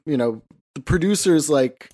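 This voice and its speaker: A man's voice: a little high, lively intonation, normal speed, dark tone. Male podcast co-host, casual talk, rambling, lots of fillers, swearing.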